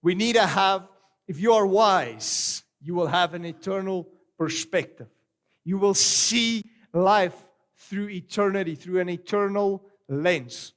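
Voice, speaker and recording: Animated man preaching. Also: sits high, slow pace. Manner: animated preaching, rising to exclamations and dropping to soft storytelling. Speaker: pastor. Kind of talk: sermon.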